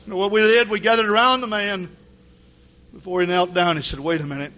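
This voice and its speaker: A man preaching with fervor, his voice bright and pitched a bit high. He tells stories from the pulpit and climbs to shouts at the peaks. The old recording sounds dull and muffled. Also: steady tone, a little fast. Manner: impassioned preaching, rising to shouts when quoting. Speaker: pastor. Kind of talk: sermon.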